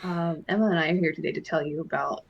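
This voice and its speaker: A woman's voice: sits low, fairly even intonation, fast talker, lo-fi sound. A woman co-hosting a casual panel, chatting with dry, playful asides. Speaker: panel co-host. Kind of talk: casual chat.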